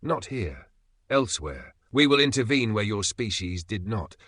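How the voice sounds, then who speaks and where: A man voicing a calm alien male elder who speaks in a grave, measured way. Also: fairly low pitch, no echo. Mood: solemn.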